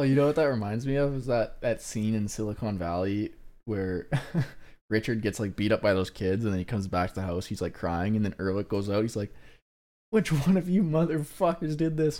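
Chatty young man, slightly low voice. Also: fast talker. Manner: animated storyteller, many fillers like "like". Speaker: podcast co-host. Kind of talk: casual chat.

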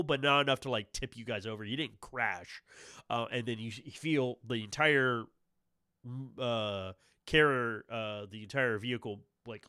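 Guy game-mastering an rpg session, bright clean voice, dry close mic, lots of ums and restarts. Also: mid-range voice, no room sound. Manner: rambling, many fillers and restarts. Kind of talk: narrating a tabletop game.

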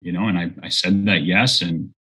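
At a normal speed, a man in his thirties earnestly tells his personal faith story as an interview guest, acting out what others said. His deep, husky voice has fairly even intonation and a pushed, bright quality, and the recording is low-quality.

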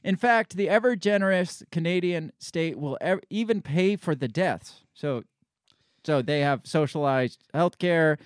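A man's voice: a little high, a little slow, smooth, no room sound, clean studio sound. A man co-hosting a casual talk show, reading an article aloud and breaking in with incredulous, sarcastic comments. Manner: incredulous, sarcastic asides between quoted passages. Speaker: podcast co-host.

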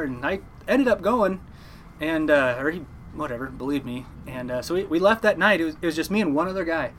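A young fisherman from the Oregon coast tells a story in a casual interview. He talks fast in a slightly high voice and acts out each quoted person. A faint hum of the room sits behind him. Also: expressive, a bit bright. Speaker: guest, commercial fisherman.

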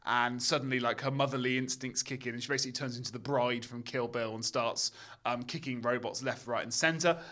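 Guy ranting about a movie, bright voice, lots of likes and ums. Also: medium pitch. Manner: animated, ranting, many fillers and restarts. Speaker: podcast co-host, film critic. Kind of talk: casual film discussion.

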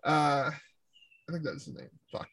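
High-voiced, rambling male storyteller. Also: expressive, a little slow, a bit bright, husky, no echo. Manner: rambling storyteller, heavy on "like" and swearing. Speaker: former camp counselor telling stories. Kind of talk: casual chat.

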